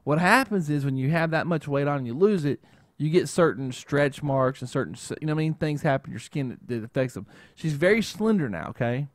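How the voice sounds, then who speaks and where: Host type: male, slightly high voice, rambling and chatty, dry close mic. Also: lively intonation, fairly quick, no echo. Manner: rambling, keeps adding "okay?". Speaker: show host. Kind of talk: casual chat.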